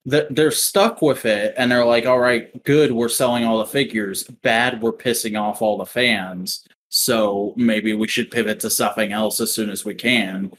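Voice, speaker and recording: A man's voice: fairly low pitch, steady tone, a little slow, few pauses, noisy background. A man in casual chat, reacting and speculating aloud, swearing freely.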